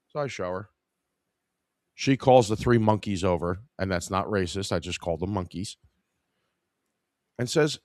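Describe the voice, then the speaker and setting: A man's voice: fairly low pitch, animated, unhurried, pauses often, no room sound, studio quality. A man in his forties hosting a live podcast, telling a casual work story in an irreverent, wry way. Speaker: podcast host.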